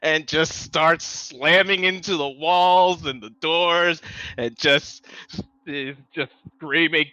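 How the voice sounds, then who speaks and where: A man plays his character at a tabletop game with bright, forceful energy. His voice sits fairly high and sounds dry and a bit dull, with no room around it. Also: steady tone, slow pace, clear, resonant tone, dry recording. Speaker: player. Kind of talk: tabletop role-play.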